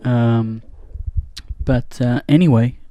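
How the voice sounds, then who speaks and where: A man's voice: mid-range voice, steady tone, slow pace, dark tone, dry recording. A man hosting a comedy podcast, ranting in a flustered, rambling monologue full of restarts, recorded in a studio booth on a studio microphone. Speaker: comedy podcast host playing a janitor.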